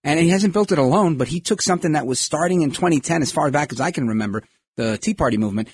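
A man's voice: fairly high pitch, expressive, quick pace, a little hiss or hum. A man hosting a podcast, giving emphatic political commentary and acting out quoted voices. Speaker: podcast host.

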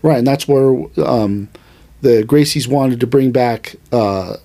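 Animated man, martial arts teacher. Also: mid-range voice. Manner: animated, thinks aloud with restarts and quick asides. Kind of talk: casual podcast conversation.

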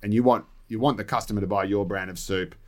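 Lively man telling stories. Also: on the low side, quick pace. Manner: animated storyteller, puts on voices. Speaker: podcast panelist. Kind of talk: casual political chat.

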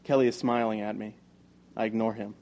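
A man reading a first-person novel aloud in an even, measured storytelling manner. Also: fairly low pitch, creaky. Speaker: audiobook narrator.

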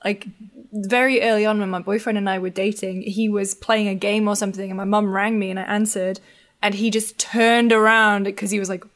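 A woman's voice: medium pitch, little pitch movement, a little fast, a bit bright. A woman from the north of England talks with a mixed accent that has picked up American traces. She co-hosts a casual podcast chat, chatty and self-deprecating, trailing off with ums. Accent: mixed Northern English with American traces. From Newcastle, north of England. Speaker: podcast co-host.

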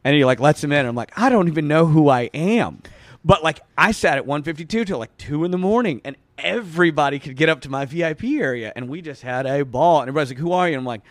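A man in his thirties telling a long story on a casual podcast, full of fillers, acting out quoted lines in a louder voice. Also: a little high, fast, hardly any pauses, no room sound. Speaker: podcast guest.

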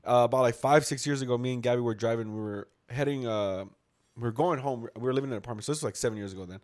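A man's voice: mid-range voice, very fast, darkish tone. Swearing, storytelling man, casual chat. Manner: swearing storyteller, acts out quotes. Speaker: podcast co-host.

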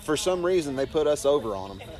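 A man's voice: fairly high pitch, sing-song, quick pace, crowd noise. A man chatting around a campfire, making brief, matter-of-fact remarks. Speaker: wrestler and guest. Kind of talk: casual chat around a campfire. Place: outdoors around a fire.

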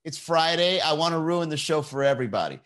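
A petulant woman in the crowd whines that she doesn't know why she came, as a man puts her on. The voice jumps high above his own and sounds sulky. It is clearly a put-on voice inside a comic story. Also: expressive, quick pace, a bit bright. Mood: whiny. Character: petulant complaining woman audience member.

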